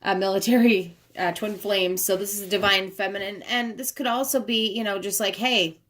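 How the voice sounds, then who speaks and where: This tarot card reader has a mid-range, steady, slightly bright voice at a normal pace, with a bit of background noise. She gives a casual spoken reading, chatty and thinking aloud as she handles the cards, recorded on a phone camera propped up nearby.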